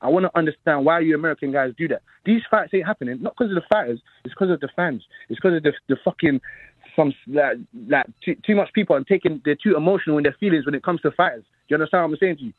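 A man with a South London accent calling in to a boxing talk show, talking fast and insistently and repeating himself. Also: a little high, husky, dry recording. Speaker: caller. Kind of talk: call-in boxing debate. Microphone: phone call. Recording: tinny phone line.

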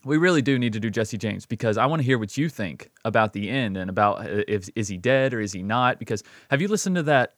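A man's voice: on the low side, expressive, fast talker, few pauses, a bit bright, no room sound, studio quality. A man co-hosting a podcast in casual chat, easygoing, swearing freely and calling his friend bro and dude. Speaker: podcast co-host.

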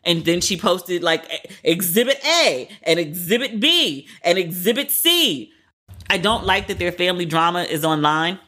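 A woman hosting a podcast, casually retelling celebrity drama in a candid, profane, animated way. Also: lowish voice, normal speed. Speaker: podcast host. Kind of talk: casual celebrity gossip commentary.

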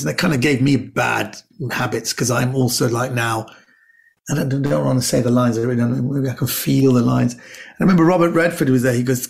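Gravelly animated British comedian storyteller. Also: male voice, mid-range voice. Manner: animated anecdotes with acted-out quotes and stammered restarts. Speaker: comedian guest. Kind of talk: storytelling in casual chat.

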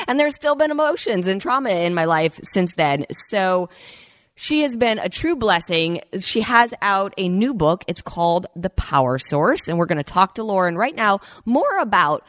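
A woman's voice: lowish voice, animated, normal speed, dry recording. A woman hosting a podcast, telling a personal story in a casual, chatty way and often talking straight to her listeners. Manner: chatty, addresses listeners as "you guys". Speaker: podcast host.

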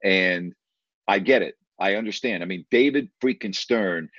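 A man's voice: low voice, moderate pace, a bit bright, dry recording. A middle-aged man, a broadcaster and podcast host, telling stories in a casual interview; he rambles, repeats phrases and stretches words for emphasis. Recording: dull, dry podcast audio.

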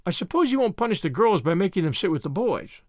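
A man's voice: sits high, sing-song, fast, no room sound, studio quality. A man voicing a sly, practical young woman teacher in a storybook reading.

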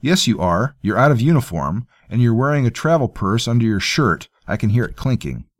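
A man's voice: mid-range voice, very animated, fairly quick, dry recording, studio quality, close to an everyday voice. A man voicing a bold, stubborn young male commoner tracker who talks bluntly and plainly.

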